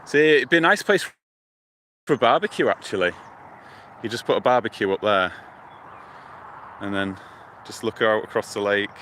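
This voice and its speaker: A man streams live from his phone as he strolls past a lake, narrating whatever he sees in an easygoing, meandering way. His voice sounds bright and forward. Faint traffic hum sits in the background. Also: lowish voice, normal speed, long pauses. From United Kingdom. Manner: relaxed rambling, thinking aloud, talks to viewers. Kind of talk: casual walking livestream chat. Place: outdoors by a lake and river near a motorway. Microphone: phone held while walking. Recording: outdoor traffic hum behind.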